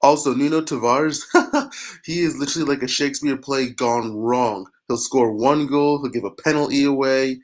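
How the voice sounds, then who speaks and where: A man's voice: medium pitch, normal speed. Exasperated football fan guy calling in, dramatic groans, mid voice. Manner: exasperated, theatrical exclamations.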